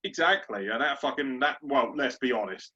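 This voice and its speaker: Southern English man, podcast host, bright tense voice, husky, sweary rant, dull lo-fi sound. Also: mid-range voice, normal speed. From southern England. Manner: sweary, animated ranting, puts on gruff voices. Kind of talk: casual sports podcast chat.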